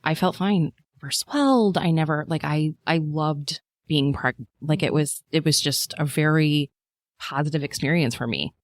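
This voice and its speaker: A woman in her thirties, a podcast guest, chatting casually and telling her story with lots of fillers and animated asides. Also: normal speed, dry recording, studio quality. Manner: animated storyteller, acts out quotes in a high voice, many fillers. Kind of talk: casual chat.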